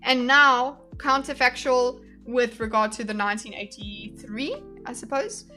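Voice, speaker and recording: A woman's voice: on the high side, a little slow, pushed and bright, faint music behind. A woman streamer giving casual commentary on a debate clip, thinking aloud with many fillers and restarts and replying to her live chat. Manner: reads and answers live chat.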